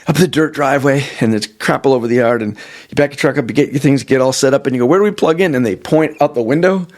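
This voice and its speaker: A mid-pitched man hosts a casual trade podcast. He tells lively stories, acts out other people's lines and laughs often. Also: quick pace. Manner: animated storyteller, acts out quotes, laughs a lot. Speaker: podcast host.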